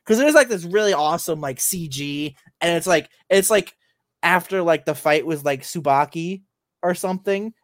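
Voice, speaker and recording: A man talks casually on a podcast, restarting his sentences and leaning on fillers as he goes. His voice sits a little high, and it is recorded dry and close with no room sound. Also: moderate pace, no room sound. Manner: rambling, many fillers and restarts. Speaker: podcast co-host. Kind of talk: casual chat about games and anime.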